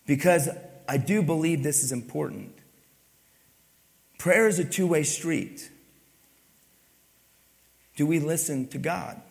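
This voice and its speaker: Slow and gravelly, pausing often, this man's voice is on the high side as he preaches a sermon. The pastor questions the congregation and presses his points with emphasis, recorded with a church hall's long reverb.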